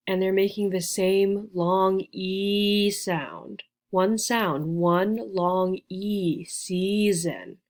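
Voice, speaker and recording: A woman teaching a beginner English lesson, patiently sounding out letters and praising her learners. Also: on the low side. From United States. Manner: slow, patient, encouraging, spells out sounds. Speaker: ESL teacher.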